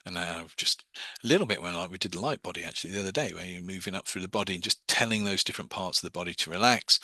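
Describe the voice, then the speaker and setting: Bright-voiced man teaching hypnosis. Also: deep voice, no echo. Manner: quick, rambling, with many restarts and fillers; drops into soft, slow hypnotic patter for examples. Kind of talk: informal class lecture.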